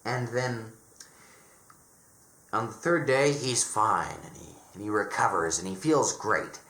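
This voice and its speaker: A man's voice: lowish voice, slow, fairly bright tone, reverberant. A man giving an opinionated casual review, sarcastic and dismissive, often stumbling and restarting his words. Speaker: horror reviewer.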